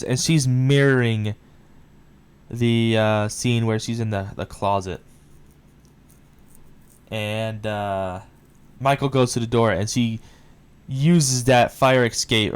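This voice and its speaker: Excitable man recapping a movie, smooth voice. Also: lowish voice. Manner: excitable retelling, swears often. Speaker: movie reviewer. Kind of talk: casual film review recap.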